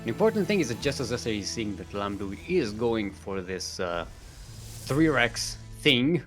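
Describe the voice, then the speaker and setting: Animated, rambling male game caster. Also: lowish voice, moderate pace, soft background music. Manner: rambling, jokey, chuckling, many fillers. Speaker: esports caster. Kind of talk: live game commentary.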